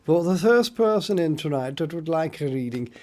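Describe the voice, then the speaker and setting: A man's voice: on the high side, expressive, normal speed, darkish tone. A man hosting a live stream, giving rambling psychic readings and addressing viewers by name.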